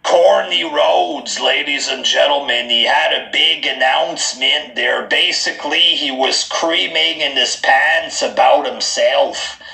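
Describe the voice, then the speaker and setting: A man's voice: fairly high pitch, slow, gravelly, hardly any pauses, bright, forceful tone, roomy sound, distant mic, soft background music. A man reviewing wrestling in a mocking, sarcastic drawl.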